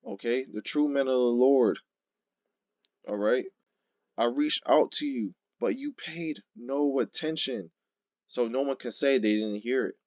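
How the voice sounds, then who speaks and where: An emphatic man preaches in a loose, informal way, reading verses slowly and then pressing his points with a constant "okay?" and "right?". His voice sits at an ordinary male pitch. The recording is dull and muffled, with a dry, close sound. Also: darkish tone, dry recording. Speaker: street-style scripture teacher. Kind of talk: informal sermon with scripture reading.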